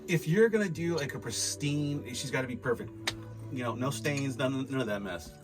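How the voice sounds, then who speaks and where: A man's voice: medium pitch, normal speed, over music. A man co-hosting a casual comedic chat show, easygoing and agreeable, who says "like" a lot. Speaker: podcast co-host.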